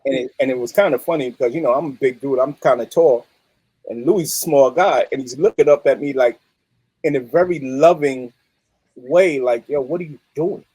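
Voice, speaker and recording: Husky New man, animated storyteller. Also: mid-range voice, moderate pace, no echo, rough recording. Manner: animated, streetwise, peppered with "you know what I mean". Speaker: guest musician and producer. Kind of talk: casual interview storytelling.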